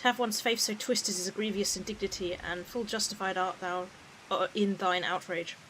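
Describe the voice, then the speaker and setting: A woman voicing a formal adventurer who speaks in old-fashioned English, reading it slowly and deliberately. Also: medium pitch, steady tone, fairly bright tone, a little hiss or hum, close to an everyday voice, low-quality recording. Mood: solemn. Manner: slow deliberate reading with stumbles over the old words.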